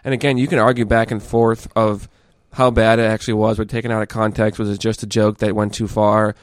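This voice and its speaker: Low-voiced man explaining a story. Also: level tone, fairly quick, dry recording. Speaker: podcast co-host. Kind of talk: casual podcast chat.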